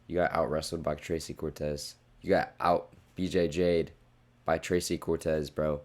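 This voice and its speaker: A young man with a low voice tears through a casual fight recap, blunt and profane. He gets heated and loud at times, and his voice sounds a bit worn from shouting. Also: little pitch movement, moderate pace. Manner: blunt, profane, worked-up rants. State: losing his voice. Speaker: fight reviewer.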